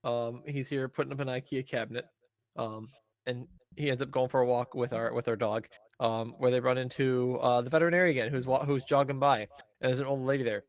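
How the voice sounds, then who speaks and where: A man's voice: mid-range voice, steady tone, fairly quick. A man co-hosting a podcast, recapping an episode casually with many ums and uhs. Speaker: podcast co-host.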